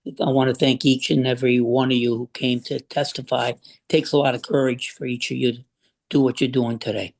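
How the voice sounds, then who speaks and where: A man serving as a state senator, giving measured, reassuring remarks at a committee hearing. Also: medium pitch, little pitch movement, vocal fry.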